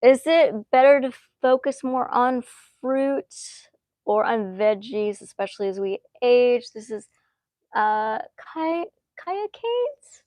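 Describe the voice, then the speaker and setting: A woman's voice: fairly high pitch, lively intonation, no echo. Earnest woman hosting a live Q&A. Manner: warm, earnest, often pausing with fillers. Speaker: host answering viewer questions. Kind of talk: live-stream Q&A.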